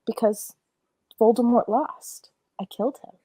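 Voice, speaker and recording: A woman voicing a tired but decisive young witch, brisk and commanding, in an amateur read-through of a fan script. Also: on the high side, fairly even intonation, mellow, husky, no echo. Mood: firm.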